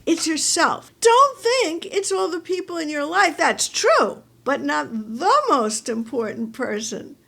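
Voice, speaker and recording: A woman's voice: high-pitched, very animated, slow, vocal fry, hardly any pauses, sharp tone. A woman therapist hosting a self-help video series, talking straight to the viewer in an upbeat, coaching way. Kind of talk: direct-to-camera self-help talk.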